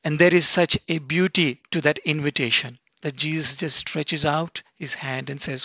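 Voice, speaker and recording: Male preacher, sermon, deliberate emphatic reading, slightly high voice, dry sound. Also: fairly even intonation, bright, forceful tone, dry recording. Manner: slow, emphatic scripture reading with rising stresses.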